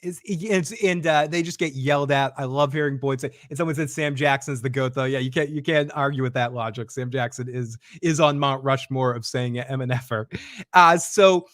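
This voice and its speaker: A man co-hosting a casual show recap, talking fast with fillers and acting out lines from scenes. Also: mid-range voice, no room sound, clean studio sound. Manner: animated, acts out quotes, frequent fillers. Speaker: podcast co-host recapping a TV episode.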